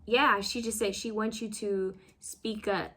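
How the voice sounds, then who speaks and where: A woman's voice: medium pitch, fairly even intonation, a little slow, background noise. A woman giving a casual pick-a-card tarot reading, rambling and self-conscious, full of fillers and restarts as she fumbles over her words.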